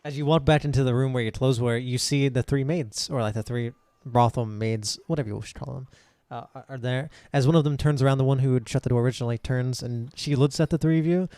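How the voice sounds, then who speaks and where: A man's voice: mid-range voice, steady tone, fast talker, hardly any pauses, dark tone, dry recording. Giggly man running a tabletop game. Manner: casual, hesitant, giggly. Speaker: game master.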